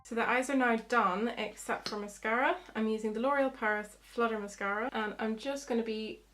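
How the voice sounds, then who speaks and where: A woman's voice: fairly high pitch, steady tone, fairly quick, music in the background. A young woman, chatting through a makeup tutorial as a beauty vlogger, explaining each step.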